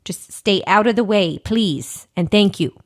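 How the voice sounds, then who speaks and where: A woman's voice: medium pitch, a little slow, lightly acted. A woman playing a flustered small-town TV host who stumbles over names while reading community announcements. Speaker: public access TV host.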